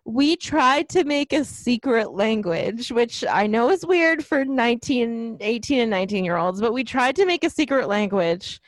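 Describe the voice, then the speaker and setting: A woman's voice: fairly high pitch, expressive, moderate pace, hardly any pauses, no room sound, low-quality recording. A woman in her twenties co-hosting a podcast, rambling in casual chat with many fillers. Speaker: podcast co-host.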